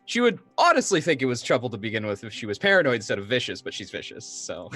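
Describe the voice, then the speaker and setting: Animated man playing a tabletop game. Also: mid-range voice, quick pace, soft background music. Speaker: player. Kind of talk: casual tabletop game chat.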